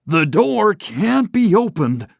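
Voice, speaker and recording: A man's voice: sits high, animated, moderate pace, no room sound, clean studio sound, voice pushed up. A narrator voicing an older male banker who speaks in a shaky, groaning voice in an audiobook story. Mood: shaken. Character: old male banker, proud, shaken. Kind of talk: audiobook character voice.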